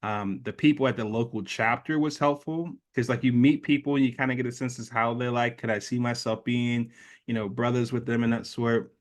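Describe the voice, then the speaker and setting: An animated storyteller in his late thirties, this interview guest has a mid-range voice and talks fairly quickly. He relates a personal story with energy, acting out each quoted person's voice.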